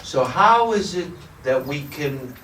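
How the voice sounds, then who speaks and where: A man's voice: fairly high pitch, animated, slow, a bit bright, slight background noise. A man who teaches spirituality, telling a parable with playful humor to a small audience. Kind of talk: storytelling talk to a small audience. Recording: roomy echo, distant mic.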